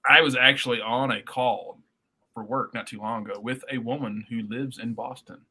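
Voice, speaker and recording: A man's voice: medium pitch, steady tone, normal speed, sharp tone, husky. A man co-hosting a podcast, teasing and telling anecdotes in casual banter. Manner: teasing, laughing, tells anecdotes. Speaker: podcast co-host.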